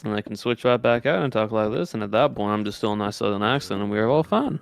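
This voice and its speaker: A male streamer chatting loosely on stream, full of fillers, now and then stretching words into a lazy put-on Southern drawl. His desk mic squeezes the sound flat, so he comes across fairly monotone. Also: on the low side, quick pace, gravelly, hardly any pauses, clear, resonant tone, no echo, studio quality. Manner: rambling, many fillers, explains things loosely. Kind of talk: casual stream chat. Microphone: desk microphone with built-in compression.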